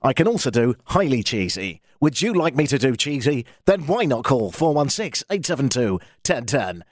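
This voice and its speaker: A man's voice: medium pitch, big pitch swings, moderate pace, few pauses, no echo. An English man hosting a radio talk show from a studio, with dry, self-mocking banter. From England. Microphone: studio microphone.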